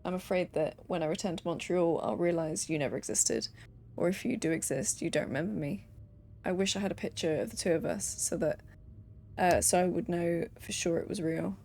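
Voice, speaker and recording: Gravelly-voiced woman streamer. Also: on the low side, a little fast, darkish tone, a little hiss or hum. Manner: reads letters aloud with playful asides and laughs. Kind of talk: game let's play, reading notes aloud.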